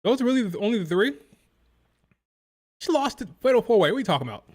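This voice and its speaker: A man's voice: high voice, sing-song, fast, a little mellow. A man hosting a live wrestling watch-along, chatting casually and mimicking crowd chants in a sing-song rhythm. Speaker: live stream reaction host.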